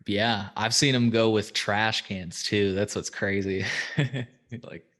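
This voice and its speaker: A man's voice: fairly low pitch, steady tone, slow, a bit bright. A man hosting a podcast in casual chat, laid-back, swearing freely and filling with "um" and "like". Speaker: podcast host.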